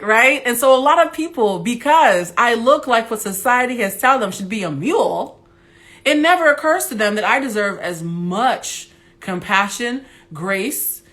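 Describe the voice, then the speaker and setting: A young adult woman with a big, loud voice, hosting a candid livestream monologue on her phone, blunt and animated, with some profanity. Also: on the high side. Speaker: Instagram Live host.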